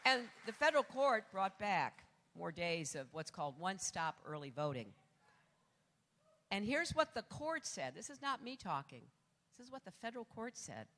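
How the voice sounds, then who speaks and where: An older woman giving a campaign rally speech as a political candidate, building from steady argument to shouted calls. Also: mid-range voice, moderate pace. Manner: rousing, rising to shouts on key lines. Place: large rally venue. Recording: long echo of a large hall.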